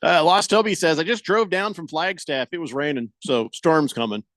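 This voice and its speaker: A man's voice: fairly high pitch, moderate pace, fairly bright tone, no room sound, clean studio sound. A man hosting a radio show, joking and reading listener comments aloud in casual banter.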